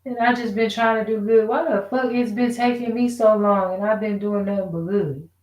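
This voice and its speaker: A woman's voice: medium pitch, fairly even intonation, normal speed, a little mellow. Woman ranting to her camera, cussing a lot, frustrated and rambling, asks a lot of why questions, echoey room. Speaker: vlogger. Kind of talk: casual rant to camera.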